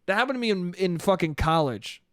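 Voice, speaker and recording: A man's voice: high voice, lively intonation, fairly quick, dry recording, clean studio sound. A man around thirty rambling through a casual solo podcast, swearing often, mocking himself and laughing at his own stories. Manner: rambling, swearing, self-deprecating, laughs a lot. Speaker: podcast host.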